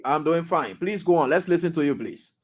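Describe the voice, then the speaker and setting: A man with a Liberian accent hosting a radio call-in show, brisk and quick to laugh, hurrying callers along. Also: on the high side, lively intonation. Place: radio studio.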